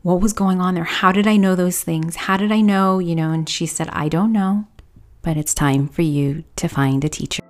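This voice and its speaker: A woman podcast host telling a personal story in a confessional way, often dropping to a hushed whisper when quoting people. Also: on the low side, normal speed.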